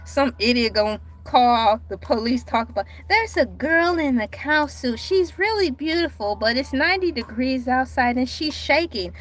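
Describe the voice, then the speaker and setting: A woman chatting casually on her livestream, animated and dramatic, with sudden cries and mock outrage. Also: high voice, normal speed, few pauses, faint music behind. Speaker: livestream host.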